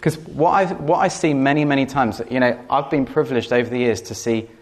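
In a mid-range voice that stays fairly even in intonation, a man talks a little quickly as he preaches. He earnestly tells a personal story, doubling words to stress them and sometimes laughing.

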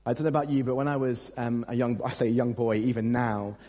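Young man, pastor, mid-pitched voice, relaxed storytelling sermon with plenty of ums and jokes at his own expense. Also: fast. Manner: chatty, self-mocking storytelling with frequent fillers. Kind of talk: Christmas carol service sermon. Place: church service.

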